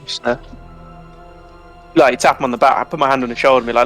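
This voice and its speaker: A man's voice: mid-range voice, steady tone, fast talker, fairly bright tone, faint music behind. A man playing in a tabletop game, chatty and a little hesitant. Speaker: player. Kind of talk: casual tabletop play.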